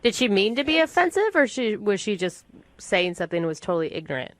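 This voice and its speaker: Radio co-host lady, lively voice, jumping in all disbelieving. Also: medium pitch, fast. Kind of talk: radio show banter.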